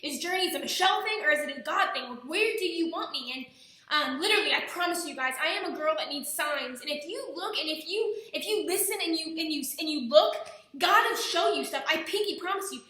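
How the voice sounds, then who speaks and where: Earnest bright-voiced young woman vlogging. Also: very high-pitched, animated, fairly quick. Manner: earnest, talkative, many restarts. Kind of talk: casual personal vlog. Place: indoors at home. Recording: very echoey room.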